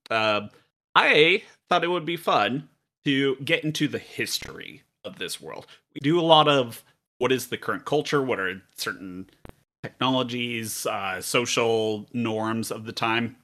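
A man with a bright, forceful voice explains a game's setting in relaxed podcast chat. He laughs easily and fills pauses with ums and uhs. He sounds clear and close to the mic. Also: medium pitch. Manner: laughs often, explains at length with fillers. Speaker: game master and podcast co-host. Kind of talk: casual podcast chat and game narration.

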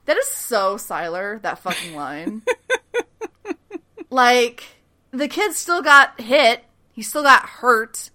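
A podcast host with a fairly high, slow voice casually recaps a TV episode. She retells it with animation, acting out quoted lines and laughing often in a relaxed chat.

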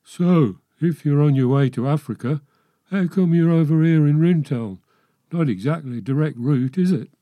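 A man's voice: fairly high pitch, moderate pace, dry recording, phone-quality sound, lightly acted. A man voicing a sociable army dental technician who hosts guests, in an easygoing, chatty reading style. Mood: friendly. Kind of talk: audiobook memoir reading.

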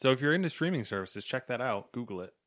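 A man co-hosting a podcast in relaxed casual chat, often mumbling through fillers. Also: mid-range voice, fast talker. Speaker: podcast co-host.

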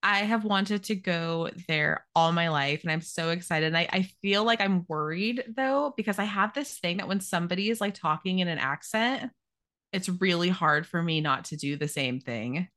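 Animated American woman author, low bright voice. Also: normal speed. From Arizona. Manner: animated, self-deprecating, many likes. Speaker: author guest. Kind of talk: casual interview chat.

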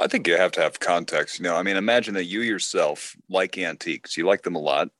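Deep low-voiced man, dry and wry. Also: sharp tone, no room sound. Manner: wry, laid-back, mock-serious. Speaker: podcast co-host. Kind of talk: casual movie discussion.

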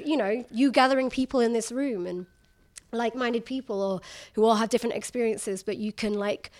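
Lively young woman sharing her journalism stories. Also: a little high. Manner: animated, laughs often, acts out quoted remarks. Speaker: journalist guest. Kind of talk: candid conversational interview.

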